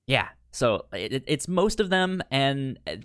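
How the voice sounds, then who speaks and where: A man co-hosting a podcast, talking in loose rambling runs full of restarts and quick laughs. His voice is at a middle pitch and recorded close and dry. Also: sing-song, fairly bright tone, clear, resonant tone, no echo. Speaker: podcast co-host. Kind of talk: casual chat.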